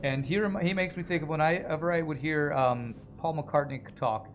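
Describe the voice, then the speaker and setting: A man's voice: on the high side, moderate pace, soft background music. A man streaming a video game, chatting casually with viewers and musing aloud about voices and accents as he plays. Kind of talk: casual gaming livestream chat.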